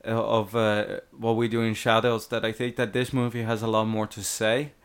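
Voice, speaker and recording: A man's voice: fairly low pitch, flat delivery, normal speed, clean tone. A man co-hosting a podcast, giving a thoughtful casual film critique with frequent hesitations. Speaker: podcast co-host.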